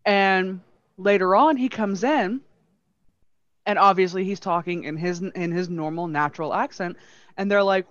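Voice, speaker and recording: A man telling a story in casual podcast chat, enthusiastic with quick asides. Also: sits high, fairly bright tone, no room sound. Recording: dry, slightly dull audio.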